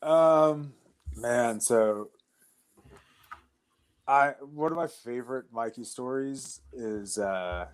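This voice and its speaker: A young adult man, a wrestler and guest on an interview show, telling stories in a loose, animated way with lots of fillers. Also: mid-range voice, very slow, long pauses, smooth. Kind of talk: casual storytelling.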